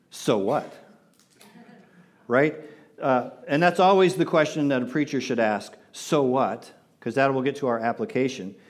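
A man preaching a sermon to his congregation in an earnest, repetitive way, often asking them to respond. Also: mid-range voice. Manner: earnest, repeats words, asks the congregation to respond. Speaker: pastor.

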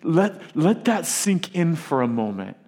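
A middle-aged man preaching a sermon, emphatic, with dramatic pauses and swings from loud to hushed. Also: on the high side, very animated. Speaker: pastor.

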